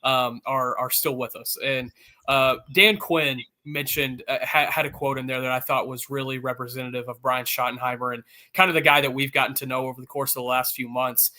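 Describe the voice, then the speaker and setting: Bright-voiced male sports reporter. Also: mid-range voice, steady tone, fairly quick. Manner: fluent, informed, explanatory. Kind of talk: guest analysis in an interview.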